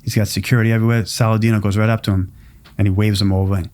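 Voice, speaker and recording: A man's voice: on the low side, rapid-fire. A middle-aged man from Long Island, a pizzeria owner telling stories in casual chat and acting out what other people said. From Long Island, New York. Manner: animated, acts out quoted people. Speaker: pizzeria owner, podcast guest.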